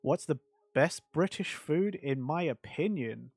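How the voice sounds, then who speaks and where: A male streamer talks casually to his chat, rambling along with plenty of fillers and restarts. His voice sits a little high for a man. The sound is close and dry, with no room echo. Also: lively intonation, unhurried, vocal fry, breathy edge. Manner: chatty and rambling, answers chat with many fillers.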